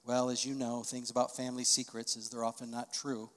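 A middle-aged male pastor tells stories in a sermon, speaking briskly at an ordinary middle pitch with a completely flat delivery. He still swells into loud, emphatic peaks to drive home his points, and a long reverb suggests a large church sanctuary.

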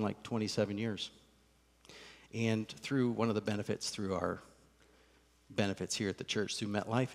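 A middle-aged male pastor preaching a sermon, telling a personal story in an animated, conversational way. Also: fairly low pitch, in a large hall.

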